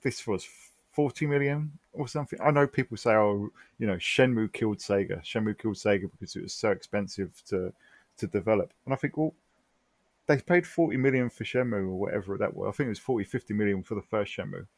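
A man co-hosts a podcast in casual chat, emphatic and full of exasperated rhetorical questions. His voice sits low with a gravelly, husky edge. It sounds dry and close. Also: brisk, no room sound. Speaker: podcast co-host.

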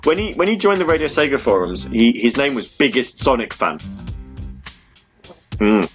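A man's voice: medium pitch, sing-song, moderate pace, soft background music. A man hosting a casual fan radio show, rambling and interrupting himself, from England. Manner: rambling, self-interrupting, puts on voices. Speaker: podcast host.

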